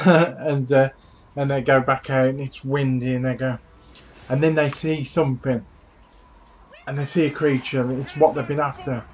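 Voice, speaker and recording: A man hosting a gaming channel talks through a trailer in a loose, rambling way, filling pauses with plenty of ums. His voice sits at an ordinary middle pitch. The recording sounds dull and lo-fi. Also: level tone. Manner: chatty, rambling retelling with many fillers. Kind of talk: casual trailer recap.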